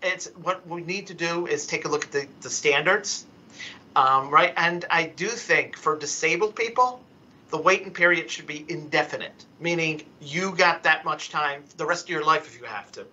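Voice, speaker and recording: A man giving emotional, halting testimony at a council hearing, stumbling and restarting as he pleads his case over a remote call. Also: a little high, sharp tone, muffled recording. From Philadelphia, US. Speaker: public commenter at a council hearing. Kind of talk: impassioned unscripted testimony.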